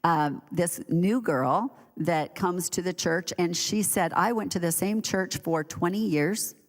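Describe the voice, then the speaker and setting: A woman's voice: fairly low pitch, measured pace, in a large hall. A woman giving a conversational sermon in a church, telling stories chattily with laughing asides. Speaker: church leader preaching. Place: church sanctuary.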